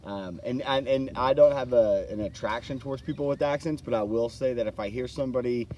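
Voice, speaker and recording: A man's voice: medium pitch, a little fast, mellow, muffled recording, slight background noise. A man chatting casually outdoors in a garden, joking and rambling with many hesitant restarts. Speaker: co-host of a gardening vlog.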